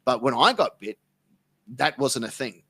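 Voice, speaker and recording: An Australian man in casual podcast chat, telling tall tales with a deadpan delivery and plenty of swearing. His voice sits at a middle pitch and sounds close and dry, with no room sound. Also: measured pace, creaky, dry recording. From South Melbourne, Australia. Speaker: interview guest.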